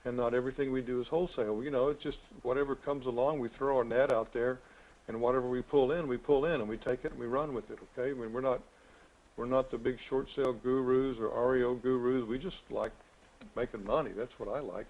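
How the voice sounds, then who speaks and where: A man's voice: mid-range voice, steady tone, fast. A man hosts an online real estate coaching call, talking in a folksy, rambling, chatty way. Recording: tinny phone-like web call audio.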